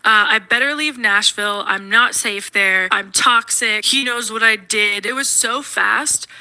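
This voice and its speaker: A woman recounts a scary personal experience, talking fast and snarkily with lots of "like"s. Her voice sits a little high and sounds very bright and sharp. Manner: fast, breathless retelling full of "like"s; snarky, shaken. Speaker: storyteller in a played video. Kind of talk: personal storytelling.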